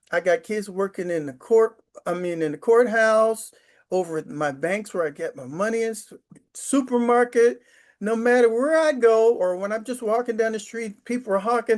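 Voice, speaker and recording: A man in his sixties, a retired sixth grade teacher, telling stories from home in a rambling, emotional way with stammers and restarts. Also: high-pitched. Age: 60s. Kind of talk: casual storytelling to camera. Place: his apartment.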